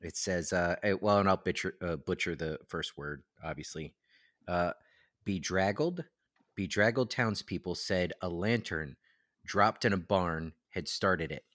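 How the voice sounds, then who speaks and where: A man co-hosting a podcast, casually telling animated stories and swearing freely. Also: low-pitched, no echo, studio quality. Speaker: podcast co-host. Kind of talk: casual chat.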